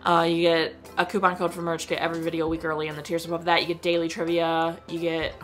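A woman's voice: lowish voice, completely flat delivery, quick pace, soft background music. A young woman chatting casually about a movie she just watched, full of fillers and giggles. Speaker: movie review vlogger. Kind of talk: casual movie review chat.

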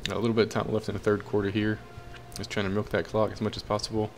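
Over slight background noise, a young man with a fairly low voice commentates his own football video game quickly and in a completely flat delivery. He casually cheers and groans at the plays.

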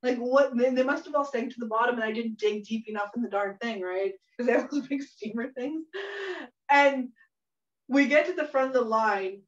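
A woman's voice: fairly high pitch, normal speed. A woman hosting a cooking workshop, telling a funny story in a chatty way and laughing often. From Canada. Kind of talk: casual storytelling while cooking. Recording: echoey room, mic at a distance, dull sound.

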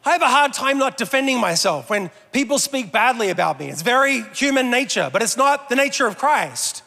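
High, bright-voiced preacher man in a reverberant hall. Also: lively intonation, fairly quick, vocal fry. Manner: conversational, self-deprecating humor. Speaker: pastor. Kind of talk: sermon.

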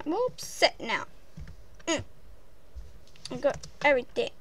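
A woman's voice: sits high, big pitch swings, a little slow, a little hiss or hum. A woman host chatting casually and apologetically over gameplay, giggling often. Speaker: channel host.

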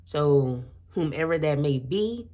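A woman's voice: deep voice, lively intonation, slow pace, dark tone. Woman tarot reader; chatty, earnest, loose delivery full of restarts. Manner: rambling and chatty, with frequent restarts. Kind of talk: casual intuitive tarot reading.

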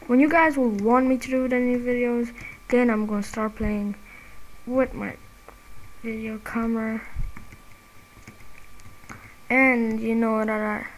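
Woman, gameplay commentary, excitable, rage-prone, apologetic, unhurried delivery, slightly high voice. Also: a little hiss or hum, rough recording. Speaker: gamer and channel host.

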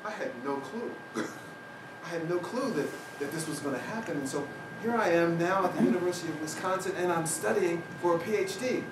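Speaking briskly in a slightly high voice, an older man delivers a university talk, recounting something that happened to him and voicing the other characters. The hall echoes, the mic sits at a distance, and the background is loud with noise.

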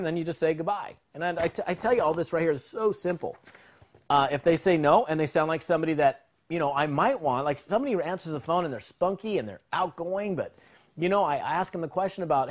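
A man teaching a sales phone script in an energetic, conversational way, acting out both sides of calls. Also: a little high, quick pace. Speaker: sales trainer.

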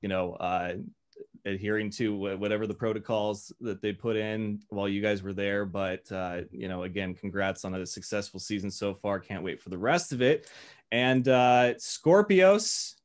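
A man's voice: lowish voice, moderate pace. Easygoing male show host. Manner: easygoing, with fillers, rattles off lists. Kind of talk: casual chat.

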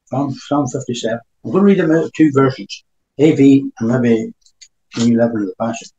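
A man's voice: mid-range voice, fairly quick, dark tone, echoey room, muffled recording. A man preaching a sermon, reading scripture aloud between emphatic remarks.

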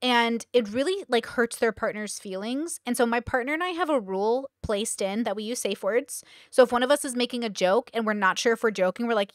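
A woman's voice: mid-range voice, quick pace, few pauses, no room sound, clean studio sound. A woman content creator chatting candidly to camera in a rambling, confessional way. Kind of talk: casual talking-head chat.

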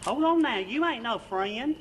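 An actor playing a naive, good-natured country soldier, folksy and earnest, in a 1960s TV comedy sketch. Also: male voice, very high voice, lively intonation, measured pace, a little hiss or hum.

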